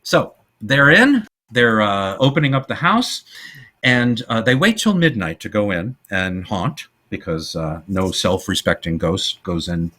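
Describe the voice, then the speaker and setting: Husky man, lively podcast storyteller. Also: fairly low pitch, unhurried. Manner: animated storytelling, trivia-laden. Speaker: podcast co-host. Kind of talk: casual chat.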